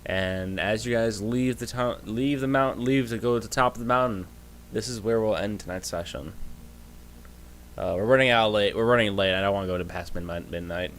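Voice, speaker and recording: Man, game master, low voice, loose improvised narration, livestream tabletop game. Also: a little fast, a bit bright, a little hiss or hum.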